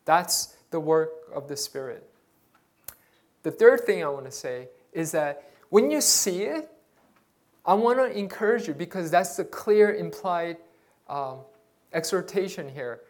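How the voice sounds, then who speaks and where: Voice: medium pitch, animated, measured pace. A pastor preaching a sermon, earnest and exhorting, often repeating words while searching for the next phrase.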